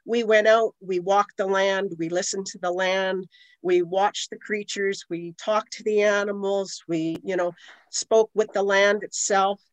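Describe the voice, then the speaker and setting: A woman's voice: medium pitch, steady tone, unhurried, no room sound, rough recording. A middle-aged woman, a guest on an interview podcast, telling long rambling stories with many asides. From Canada. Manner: rambling, conversational, many "you know" asides. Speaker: guest, aromatherapist.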